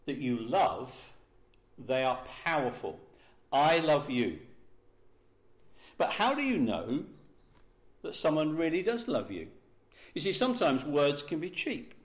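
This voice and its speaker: A man preaching a sermon, slowing down and leaning hard on the key words for emphasis. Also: fairly high pitch. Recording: roomy echo.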